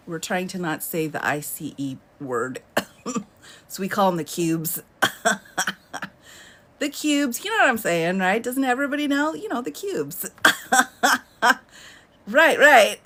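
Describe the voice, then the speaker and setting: A woman in her thirties hosts a casual live stream from home, chatting and laughing often as she responds to viewer comments. Her voice is fairly low in pitch with a fairly bright tone.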